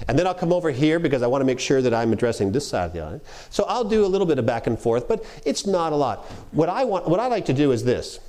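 Animated man teaching about preaching. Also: a little high. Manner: animated, conversational, acts out quoted speech. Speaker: preaching instructor. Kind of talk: workshop lecture on preaching.

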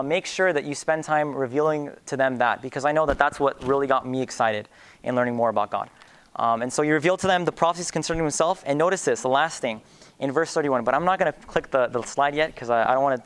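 A man's voice: mid-range voice, fast talker, smooth. A young man preaching a sermon in an earnest way, with many fillers and restarts.

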